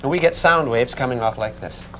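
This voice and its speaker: A man teaching a physics class in a classroom, talking in a relaxed, conversational way and checking in with his students. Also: mid-range voice, a little fast, noisy background. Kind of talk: classroom lecture.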